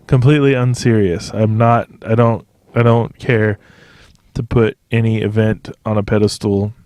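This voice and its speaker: A man's voice: mid-range voice, darkish tone, no echo. Solo male podcast host, digressive and profane, laughs a lot, mid voice, dry close sound. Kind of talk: rambling solo podcast monologue.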